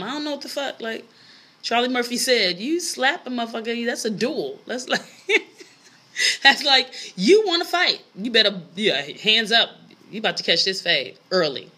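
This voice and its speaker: A woman's voice: fairly high pitch, pushed and bright. A woman hosting a casual solo podcast, ranting bluntly and profanely with frequent laughter and disbelief. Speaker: podcast host.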